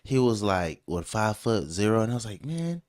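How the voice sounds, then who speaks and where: A man with a fairly low voice co-hosts a relaxed podcast chat. He talks loosely and tells his stories with plenty of animation. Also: normal speed. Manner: loose, animated storytelling with jokey put-on voices. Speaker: podcast co-host.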